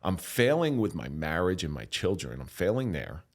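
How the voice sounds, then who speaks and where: A man's voice: low-pitched, very animated. A middle-aged man telling his own story as a podcast guest, candid and emotional, stopping and restarting often and swearing bluntly. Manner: halting, emotional, frequent restarts.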